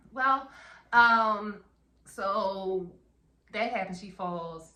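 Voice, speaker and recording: A woman's voice: mid-range voice, very slow, sharp tone. A woman casually retelling a horror film's plot, acting out scenes with sound effects. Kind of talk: casual film recap. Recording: roomy echo.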